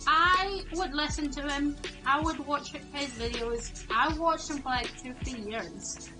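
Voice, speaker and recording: Woman, high voice, rambles and restarts a lot, music playing behind. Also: unhurried, low-quality recording. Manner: rambling, self-interrupting. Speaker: co-op streamer. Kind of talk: casual gaming chat.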